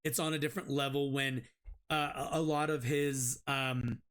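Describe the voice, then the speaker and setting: A man's voice: mid-range voice, steady tone, normal speed, fairly bright tone. Rambling man hosting a live stream. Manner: rambling, with many restarts and fillers. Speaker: streamer hosting a political debate. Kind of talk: casual live-stream commentary.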